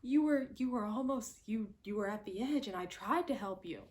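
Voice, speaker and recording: A woman's voice: medium pitch, animated, moderate pace, natural voice. A woman voicing a panicky young man who makes pleading, lying excuses, quoted within her movie review.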